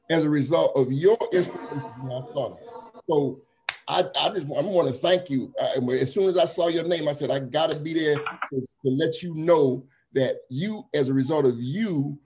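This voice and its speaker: A man who runs workshops, thanking someone earnestly and haltingly on a video call. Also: a little high, a little mellow. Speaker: workshop trainer. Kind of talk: heartfelt thanks.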